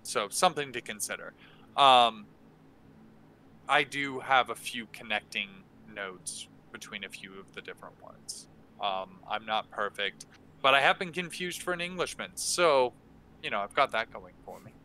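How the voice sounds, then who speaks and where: A man running a game workshop, explaining slowly and casually with many ums and restarts. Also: mid-range voice, sharp tone, low-quality recording. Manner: halting, many fillers and restarts. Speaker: game master teaching a workshop. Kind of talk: casual instructional talk. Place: online stream.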